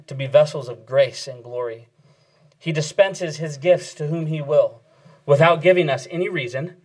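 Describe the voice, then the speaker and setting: Male preacher, earnest expository sermon delivery, voice a bit above average pitch. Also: low-quality recording. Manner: earnest, emphatic repetition.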